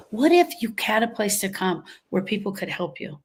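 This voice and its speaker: A grief coach speaks live in a medium-pitched, somewhat mellow voice with a breathy edge, expressive at normal speed. Her motivational talk is emphatic, with repeated phrases and acted-out quotes.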